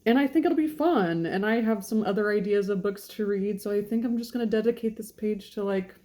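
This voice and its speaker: A woman's voice: medium pitch, brisk, mellow. Chatty woman in her late thirties. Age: 30s. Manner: chatty and rambling, self-deprecating, frequent laughs. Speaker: channel host. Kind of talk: casual vlog intro. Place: home kitchen.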